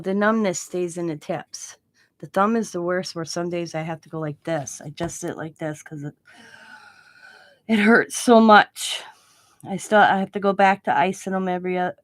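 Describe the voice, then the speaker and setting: A woman hosting a casual craft live stream, chatting and telling stories in a rambling way while she works. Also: on the low side. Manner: rambling, chatty storytelling with laughs. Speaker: craft channel host.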